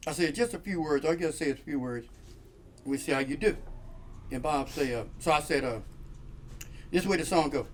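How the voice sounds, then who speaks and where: A man's voice: on the high side, brisk, pauses often, a little hiss or hum. A man telling a long funny story in casual chat, acting out the voices of the people in it and laughing often. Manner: animated, acts out quoted voices, laughs often. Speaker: guest storyteller.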